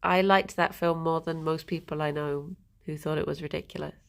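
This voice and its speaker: A woman with a low, creaky voice and fairly even intonation talks at a moderate pace during a casual live stream. She chats in a rambling way, greets viewers, and laughs often. She also speaks softly to her rabbits, sometimes in a whisper.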